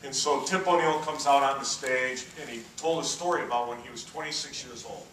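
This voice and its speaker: A man's voice: medium pitch, a little fast, fairly bright tone, a little hiss or hum. A man in his fifties giving a keynote at a conference, telling stories and checking in with the audience. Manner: anecdotal storyteller, checks in with the audience. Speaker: keynote speaker. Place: conference hall. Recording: echoey hall from far off.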